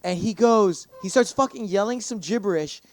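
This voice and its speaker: Here a young podcast guest with a high voice speaks at a moderate pace. His long, rambling story comes out animated and casual, thick with profanity and stacked fillers.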